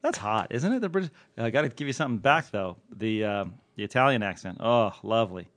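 A man's voice: lowish voice, lively intonation, fairly quick, a bit bright, no room sound. A man hosting a podcast in casual chat, joking and rambling in a self-mocking way. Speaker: podcast host, TV critic.

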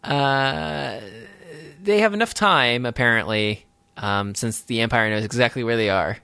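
A man's voice: mid-range voice, a little slow, creaky, pushed and bright, smooth, no room sound. A man hosting a podcast, recapping a film in casual chat with wry, sarcastic asides. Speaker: podcast host.

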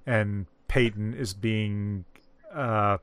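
A man talks through a story at an unhurried, deliberate pace, often pausing mid-thought to find the right word. His voice is smooth and resonant. The recording is close and dry. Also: on the low side, fairly even intonation, dry recording. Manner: measured, explanatory, pauses to find words. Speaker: discussion co-host. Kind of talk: casual literary discussion.

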